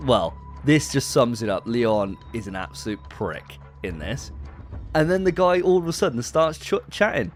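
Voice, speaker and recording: A man co-hosting a casual film review chat, retelling scenes with animated, sweary storytelling. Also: medium pitch, normal speed, faint music behind. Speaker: podcast co-host.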